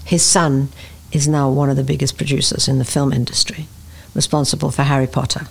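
A woman in her seventies from Scotland, with a Scottish accent, telling lively stories as an interview guest. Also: extremely low pitch, brisk, vocal fry, husky. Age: 70s. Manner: lively anecdotes with acted-out quotes. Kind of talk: podcast interview, storytelling.

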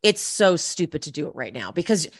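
Female podcast host, energetic rants, voice swings up and down, dry close mic. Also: low voice, a little fast, no room sound. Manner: animated, exasperated, swears freely. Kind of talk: casual chat.

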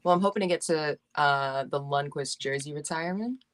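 A woman's voice: low-pitched, a little fast, over a noisy crowd. A woman talks hockey on a podcast. Her manner is brash and cheerfully profane, full of laughter and trash talk, loose and unscripted. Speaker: podcast guest. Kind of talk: casual podcast chat.

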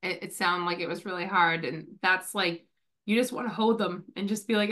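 Bright-voiced chatty woman podcast host. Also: fairly low pitch, normal speed. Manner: chatty, lots of "like" fillers. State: coming down with a cold. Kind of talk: casual chat.

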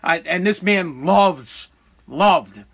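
High, bright-voiced man telling a regretful story. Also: lively intonation, drawn-out words, vocal fry, husky. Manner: rambling, profane, self-correcting; heavy with regret. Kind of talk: candid personal storytelling.

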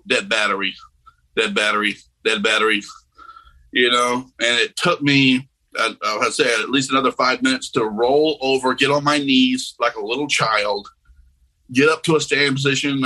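A man telling a personal near-death story in a casual, animated way, acting out the voices of people in it. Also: medium pitch, low-quality recording. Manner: animated, acts out quoted voices.

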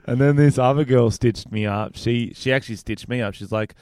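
A man's voice: mid-range voice, a little fast, clean tone, no echo. A man co-hosting a podcast, telling stories in a casual, comedic way and laughing often. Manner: laughing, animated storytelling. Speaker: podcast co-host. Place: studio.

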